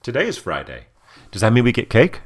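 A man co-hosting a casual family podcast as the dad, telling stories in an animated, playful way. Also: medium pitch, fairly quick. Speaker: podcast co-host and father.

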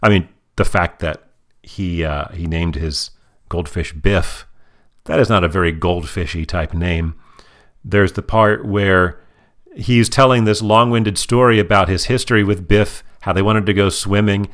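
A man's voice: low-pitched, a little slow, fairly bright tone. A man co-hosting a podcast, chatting casually and explaining jokes in a dry way. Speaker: podcast co-host. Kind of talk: casual chat.

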